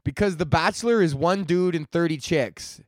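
A man's voice: on the high side, moderate pace, dry recording, clean studio sound. A young man hosting a comedy podcast, rambling through a crude, slangy monologue and laughing at his own jokes.

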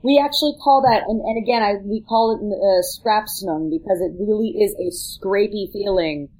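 A woman's voice: medium pitch, moderate pace, a little mellow, rough recording. A woman who is a vocal coach, explaining singing technique and showing sounds as she goes. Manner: instructive, demonstrates sounds while explaining. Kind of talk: teaching on a talk show.

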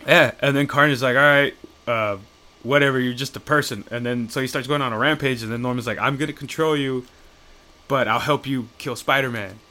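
A man's voice: medium pitch, fairly even intonation, a little fast, pushed and bright. A man in casual chat, rambling and swearing as he retells comic storylines and acts out the characters' lines.

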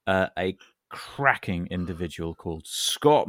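A man in his fifties, co-hosting a podcast in casual chat, rambling and jokey with bursts of excitement. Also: deep voice, normal speed, creaky, no echo, clean studio sound. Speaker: podcast co-host. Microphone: computer mic on a remote call.

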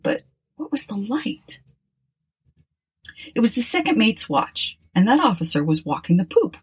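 Husky-voiced woman reading a ghost story. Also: on the low side. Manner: expressive, dramatic storytelling. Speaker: narrator.

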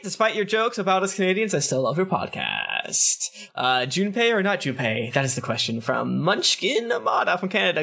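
A man co-hosting a podcast, rattling off listener reviews in a quick, casual read-through and laughing along. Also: on the high side, wildly swooping pitch, gravelly, sharp tone.

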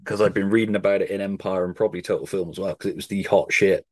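A man in his thirties hosting a podcast, chatting casually and giving relaxed, opinionated takes with some swearing. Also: deep voice, fast talker, no room sound. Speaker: podcast host. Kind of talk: casual chat.

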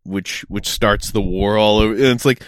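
A man with a fairly low voice talks loosely in a podcast chat, stumbling over restarts and dropping curses. The sound is dry and close, with no room around it. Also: fairly even intonation, moderate pace, no echo. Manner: rambling, profane, many restarts. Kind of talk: casual chat.

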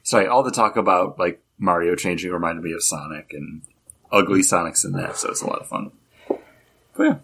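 A man's voice: sits low, a little fast, creaky, noisy background. A man co-hosting a casual comics podcast, enthusiastic and playful. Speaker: podcast co-host. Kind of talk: casual chat about comics.

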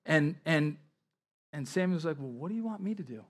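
A man's voice: fairly high pitch, animated, moderate pace. A man preaching a sermon as pastor, reading scripture aloud with emphatic rises and explaining it.

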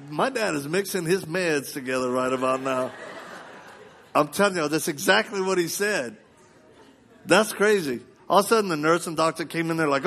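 At a live service, a man with a fairly high voice preaches quickly in a storytelling sermon. He's an animated storyteller who laughs a lot and acts out the voices of the people in his story.

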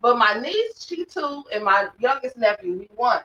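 A woman in her thirties hosts a loose, joking podcast. Her delivery is animated, with wide pitch swings and sudden loud bursts. She sounds distant and roomy, on a dull lo-fi recording with faint hiss. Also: moderate pace. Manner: animated storyteller, swings between loud and soft. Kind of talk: casual chat.

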